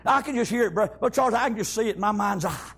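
A man preaching a fervent sermon, breaking into shouts and punctuating lines with amens. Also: sits high, animated, fast talker, vocal fry, slightly rough.

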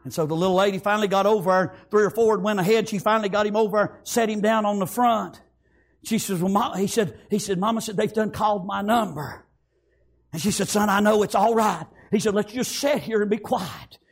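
A man preaching, telling a story in a sermon, swinging from hushed whispers to loud shouted praise. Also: high-pitched, a little fast.

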